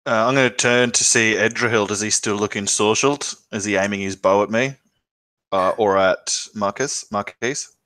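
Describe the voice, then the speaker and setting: A man's voice: fairly low pitch, fairly even intonation, normal speed, sharp tone, dry recording. A man playing a tabletop game, asking the game master questions in a hesitant way. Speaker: player. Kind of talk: casual tabletop game play.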